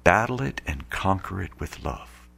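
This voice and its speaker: A man's voice: deep voice, expressive, measured pace, vocal fry, a bit bright, breathy edge. A man preaching an earnest Catholic radio sermon, rising now and then to emphatic outbursts.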